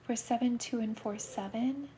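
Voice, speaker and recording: A middle-aged woman giving soulmate readings on a livestream, talking casually in a soft, soothing voice that often drops into a whisper. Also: on the high side, moderate pace, noisy background.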